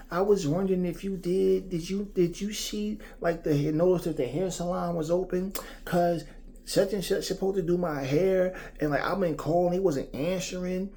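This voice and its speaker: A man's voice: high-pitched, warm tone, pitched above the performer's own voice. A man voicing a nervous young woman who rambles through small talk, full of fillers. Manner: rambling, filler-heavy, hesitant.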